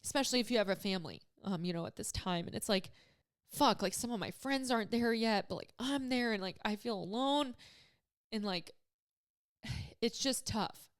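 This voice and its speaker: Fairly quick and clean in tone, this medium-pitched voice belongs to a woman in her twenties hosting her own podcast. She talks casually and with emotion, getting choked up and rambling through plenty of fillers.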